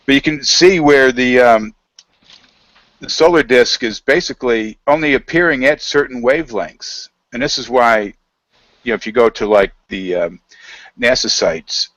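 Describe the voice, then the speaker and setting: A man's voice: mid-range voice, a bit bright, dry recording, low-quality recording. A middle-aged man as an interview guest, telling a long anecdote over a video call in a casual, rambling way, with many fillers and quoted dialogue.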